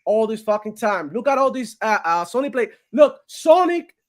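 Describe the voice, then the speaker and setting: A man hosting a gaming live stream with a lively voice that swings widely up and down. He talks casually and animatedly, laughs a lot, swears freely and keeps saying bro. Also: sits high, moderate pace.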